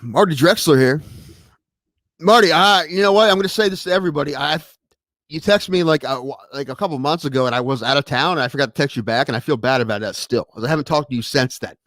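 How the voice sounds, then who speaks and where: A man with a slightly high voice, hosting a stream on his own. He rambles and restarts, then gets animated when a story takes hold. The sound is dry and close. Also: fast talker, no room sound. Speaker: podcast host streaming solo. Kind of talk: casual rambling stream chat.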